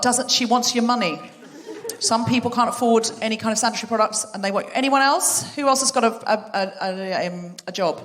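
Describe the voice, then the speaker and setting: High-voiced woman host chatting with the crowd, audience murmur behind her. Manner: brisk, upbeat questioning of the crowd. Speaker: podcast host. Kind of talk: live show hosting, audience banter. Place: theatre stage before a live audience. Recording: long hall reverb with audience.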